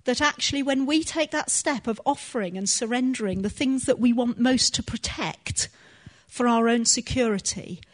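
Woman preaching a gentle sermon. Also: on the high side, moderate pace.

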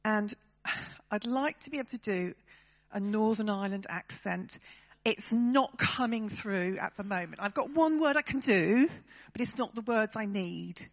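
A woman's voice: medium pitch, animated, normal speed, dull audio. A woman preaching a sermon to her church, talking conversationally and turning to the congregation with tag questions.

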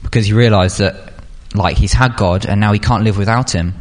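A man's voice: fairly low pitch, fairly quick. A young man giving an informal sermon to a youth group, chatty and full of fillers, jumping into acted-out scenes. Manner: chatty, filler-heavy, animated when acting out scenes. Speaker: youth speaker.

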